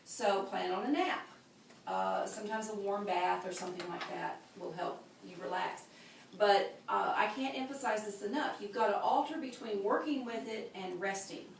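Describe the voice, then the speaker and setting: A woman's voice: mid-range voice, moderate pace, gravelly, slight background noise. A woman teaching a childbirth class in a practical way, showing the moves as she explains them. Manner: practical, demonstrating with gestures. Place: classroom at a birth center. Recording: echoey room, mic far off.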